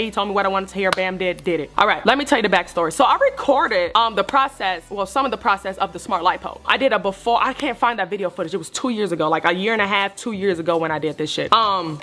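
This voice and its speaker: A young woman vlogger telling her viewers a personal story in a candid, animated way, swearing freely. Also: medium pitch.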